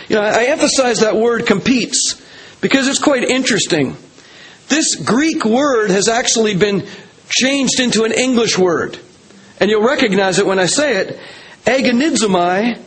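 A man's voice: extremely high pitch, fairly bright tone, breathy edge, rough recording. A man preaching a sermon to a congregation, earnest and emphatic, stacking repeated phrases to build his points. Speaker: pastor. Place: church hall with a congregation.

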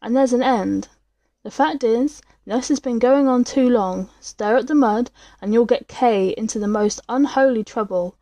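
A woman's voice: on the high side, moderate pace, mellow, dry recording, natural voice. A woman reading the part of a cool, sneering, unscrupulous young doctor in a spoken story. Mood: coolly persuasive. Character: scheming cynical young male doctor.

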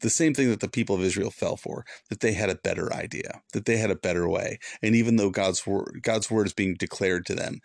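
A man's voice: on the low side, brisk, vocal fry, hardly any pauses, no echo, studio quality. A man who is a former pastor, hosting a devotional podcast in an earnest, preachy way and repeating points for emphasis.

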